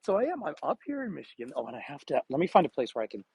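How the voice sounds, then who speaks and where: A chatty man hosts a live walking tour outdoors beside a frozen winter bay, speaking into a phone on a gimbal. His fairly high voice swings up and down with lots of animation. It has a slightly breathy edge and sounds close and dry. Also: wildly swooping pitch, rapid-fire, darkish tone, dry recording, poor audio. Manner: chatty, greets viewers by name, laughs often. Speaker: travel tour guide. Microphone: phone camera on a gimbal.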